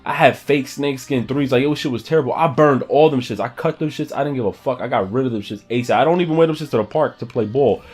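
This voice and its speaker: A young man telling a personal story in a casual, animated, profane and slangy way. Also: medium pitch, quick pace, few pauses, husky. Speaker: vlogger.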